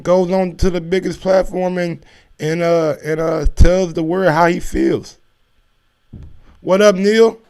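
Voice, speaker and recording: A man's voice: high voice, steady tone, takes it slowly, creaky, a little mellow, clean tone. A man hosting a casual sports commentary show, talking in a laid-back, slangy way with lots of fillers and restarts.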